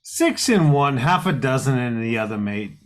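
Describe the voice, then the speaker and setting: A man's voice: medium pitch, sing-song, normal speed, slight background noise, lightly acted. A man putting on a cheeky, slang-heavy Australian bloke voice in crude banter among friends. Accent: put-on Australian.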